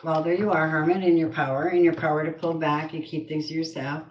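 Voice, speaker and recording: Low-voiced blunt woman reading tarot. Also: fairly even intonation, fairly quick, echoey room, background noise. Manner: blunt and earthy, muttering asides. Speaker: tarot card reader. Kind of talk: spoken tarot reading with prayer.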